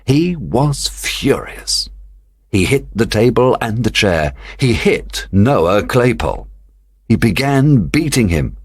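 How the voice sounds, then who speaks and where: A man narrating a children's storybook for young learners, slow, clear and expressive. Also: medium pitch, no echo, clean studio sound. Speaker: audiobook reader.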